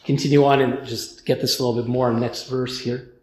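Casual preacher in an echoey room. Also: male voice, mid-range voice, flat delivery, fairly quick, slight background noise. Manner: conversational, with restarts and mimicked voices. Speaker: pastor. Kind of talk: sermon.

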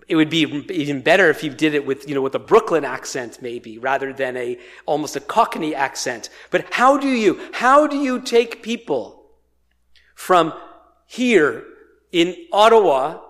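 A male pastor giving a sermon at his own measured, unhurried speed. His voice sits high for a man. He preaches with dramatic emphasis and sometimes acts out a herald's cry. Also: fairly bright tone. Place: church in Ottawa, Canada.

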